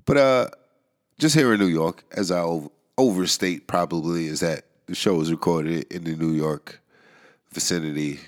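This is a man with a very low, stuffed-up voice, nasal from a head cold. He hosts his own show in a loose, rambling monologue, wry and quick to chuckle between thoughts. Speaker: podcast host. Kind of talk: casual monologue. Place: New York area.

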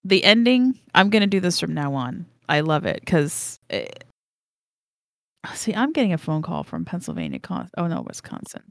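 A woman co-hosting a casual gardening podcast, telling stories in a chatty, animated way with frequent laughter. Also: on the low side, moderate pace, dry recording, studio quality. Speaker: podcast co-host. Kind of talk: casual chat.

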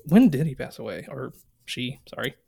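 A man's voice: mid-range voice, sing-song, normal speed, gravelly, mellow, slightly rough. A man co-hosting a podcast, casually retelling movie scenes and quoting the lines with swearing. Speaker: podcast co-host. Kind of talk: casual movie recap chat.

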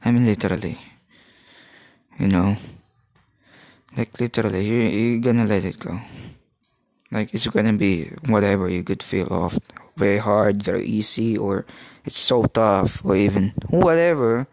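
A podcast host in his thirties from the Philippines speaks in a lowish, slightly mellow voice with no echo. His solo talk is halting and rambling, with many restarts as he looks for words.

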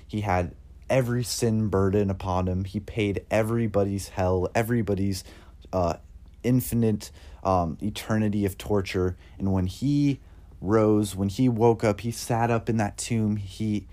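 A man earnestly sharing his Christian faith in a casual testimony, halting often with fillers. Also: lowish voice, warm tone.

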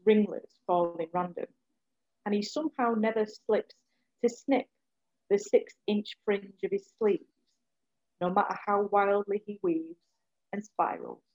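Soft-spoken woman reading poems. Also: medium pitch, measured pace, long pauses, muffled recording. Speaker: poet, guest. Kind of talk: poetry reading and casual chat.

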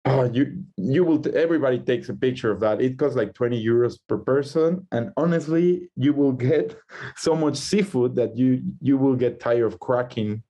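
A man whose first language is Spanish chats as a musician guest, loose and animated, full of "like" and quick asides. His voice has a mellow, darker tone at a middle pitch. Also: lo-fi sound. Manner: chatty and animated, with frequent "like" and quick laughs. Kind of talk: casual interview over a call. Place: in Madrid, recorded remotely.

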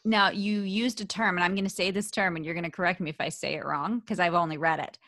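A woman with a Philadelphia accent hosts a podcast interview. She is friendly and playful, quick to laugh. The recording is dry and close. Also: lowish voice, fairly even intonation, fairly bright tone, no room sound. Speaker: podcast host.

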